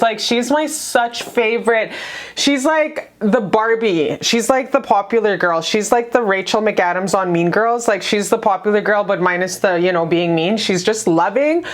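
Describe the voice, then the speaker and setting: A woman hosting a casual online tarot reading, talking to her viewers in a gushing, affectionate, slangy and frank way. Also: mid-range voice. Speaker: tarot reader.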